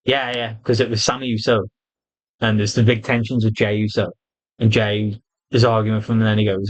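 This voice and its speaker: A man's voice: fairly low pitch, brisk, poor audio. A man giving a blunt, casual, opinionated wrestling review, swearing freely and acting out quotes. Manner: blunt, sweary, animated retelling with quoted voices.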